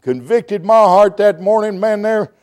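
A middle-aged preacher man with a high, ringing voice. He swings from hushed storytelling to loud, emotional shouting, and he stumbles and restarts words as he drives his sermon along. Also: lively intonation, measured pace.

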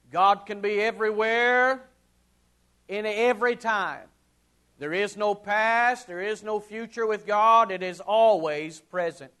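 A man preaching a sermon, swinging from loud ringing calls to hushed low murmurs, with drawn-out emphatic repetition. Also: smooth. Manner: slow, drawn-out emphatic delivery with repeated phrases.

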